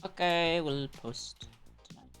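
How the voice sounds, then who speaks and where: A woman's voice: sits low, slow, fairly bright tone, clean tone, faint music behind. A young woman chatting casually on a live stream, rambling and correcting herself as she goes.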